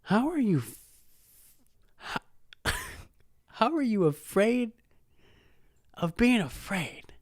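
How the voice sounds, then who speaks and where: A man's voice: sits high, sing-song, takes it slowly, long pauses, dry recording, clean studio sound. Mocking, foul-mouthed man, podcast host. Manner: mocking and profane, laughs at his own jokes. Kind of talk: casual comedic monologue. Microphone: podcast microphone.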